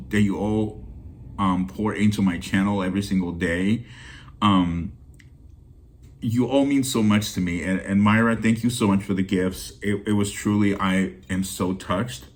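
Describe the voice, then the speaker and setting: Deep-voiced man, teary vlog chat. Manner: heartfelt and rambling, with many restarts. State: teary-eyed. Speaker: deal-hunting channel host.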